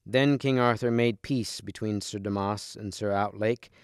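A man reading a storybook aloud with steady, clear storytelling. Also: fairly low pitch, measured pace, no echo, studio quality. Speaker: storybook reader.

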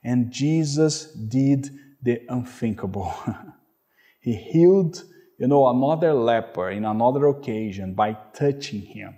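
A man's voice: medium pitch, measured pace, dark tone. A man preaching a sermon as a pastor, earnest and emphatic, often saying "you know" and calling out "hallelujah".

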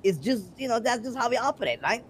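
A man's voice: very high-pitched, big pitch swings, fast, husky. A man talking in character during role-play, rambling, swearing often and laughing at his own stories. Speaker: role-play gang member.

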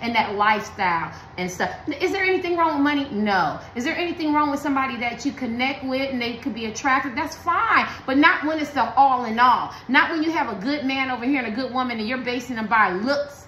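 Blunt, bright-voiced woman reading tarot. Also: sits high, expressive, fairly quick, few pauses, reverberant, a little hiss or hum, rough recording. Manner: blunt, emphatic, slangy and preachy. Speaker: tarot card reader.

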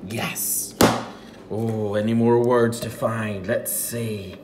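A man teaching a children's phonics lesson from home, sounding out words slowly and playfully. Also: medium pitch, fairly even intonation, fairly bright tone. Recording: faint dishwasher hum at home.

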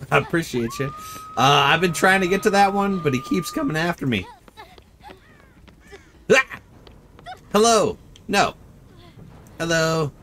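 A man's voice: fairly high pitch, a little hiss or hum. A man streaming a game live, chatting with friends, often yelping and laughing. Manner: excitable, yelps and laughs often. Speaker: gaming streamer.

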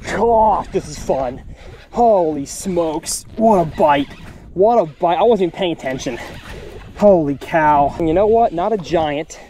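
Excitable man cheering on bass. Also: measured pace, a little hiss or hum. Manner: excitable, exclaims and talks to the fish. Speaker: fishing channel host. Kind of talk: excited fishing vlog commentary. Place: outdoors on a boat on the water.

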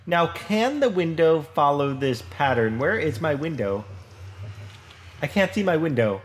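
A man talks casually over his own gameplay in a somewhat high, lively voice that swoops up and down. He rambles, stops and restarts, and pokes fun at himself as he goes. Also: a little slow, a little hiss or hum. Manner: chatty, rambling, self-deprecating, frequent fillers and restarts. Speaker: Minecraft let's play host.

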